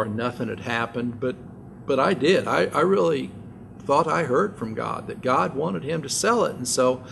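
An older man preaching a sermon as pastor, telling stories in a relaxed conversational way with asides. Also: mid-range voice, gravelly, slight background noise.

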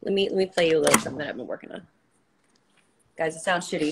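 A woman's voice: sits low, fast, creaky, long pauses, background noise. A woman, a singer hosting her own livestream, chatting casually and playfully between songs, swearing and laughing easily.

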